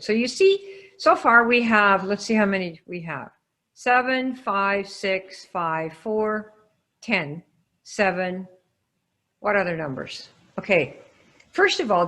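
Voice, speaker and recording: A woman teaching sales in a live online coaching session, quizzing her audience and calling on listeners by name with lively energy. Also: on the low side. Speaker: sales trainer.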